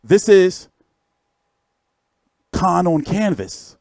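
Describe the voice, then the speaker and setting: His voice sits high, gravelly yet a little mellow, expressive, with drawn-out words and no room sound. The man hosts a boxing livestream, chatting loosely, showing pictures, and making profane, joking remarks in rambling fashion.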